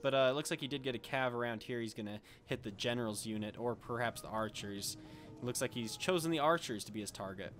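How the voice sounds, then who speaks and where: A young man casually commenting on a strategy game battle in a relaxed, rambling way, a little under the weather. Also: medium pitch, fast talker. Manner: relaxed and rambling, with frequent filler and self-corrections. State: slightly under the weather, occasional coughing.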